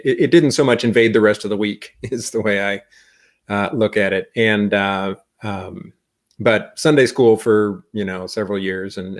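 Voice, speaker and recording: A man speaking as a panel guest, reflective and halting, with many fillers. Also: fairly low pitch, creaky. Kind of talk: casual panel chat.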